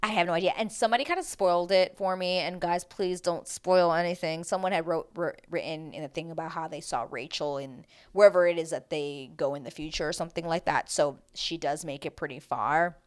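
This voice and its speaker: A woman's voice: low-pitched, a little fast, hardly any pauses, clear, resonant tone. Chatty, dramatic young woman recapping TV. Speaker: TV recap vlogger. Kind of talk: casual recap chat.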